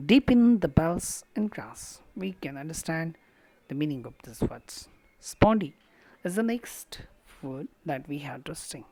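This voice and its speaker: A woman with an Indian English accent giving a recorded video lecture, sounding out syllables slowly and deliberately. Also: low voice, mellow, no room sound, poor audio. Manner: slow, deliberate, stresses syllables aloud. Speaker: teacher.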